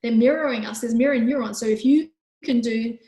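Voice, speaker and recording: A woman hosting a live online parenting workshop who answers questions in a gentle, calm, explanatory way. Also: a little high, brisk, echoey room, poor audio. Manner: gentle, calm, explanatory, with frequent "you know".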